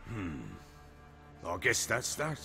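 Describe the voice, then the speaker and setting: A man's voice: fairly low pitch, sing-song, takes it slowly. An actor playing a boastful middle-aged warlord baron in a video game, blustery and coarse as he tells his stories. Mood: gruff. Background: game music.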